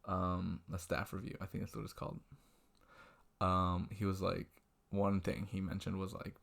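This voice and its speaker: Young male vlogger, deep and gravelly, rambling and self-deprecating, webcam at night. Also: little pitch movement, normal speed, fairly bright tone. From Washington state, US. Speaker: restaurant server telling a work story. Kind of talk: casual storytelling vlog. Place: indoors at a computer, late at night. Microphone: webcam mic.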